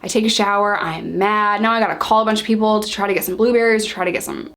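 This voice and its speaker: Młoda kobieta w swobodnym vlogu, z przejęciem opowiada własną historię i odgrywa dawne kwestie. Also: female voice, medium pitch, fast. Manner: animated, acts out her own past lines. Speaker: vlogger telling her own story. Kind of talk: casual storytelling to camera.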